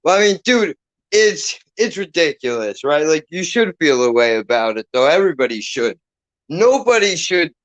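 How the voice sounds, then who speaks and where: A man chatting casually at home as channel host, loose and profane, getting loud when excited. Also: fairly high pitch, normal speed, rough recording.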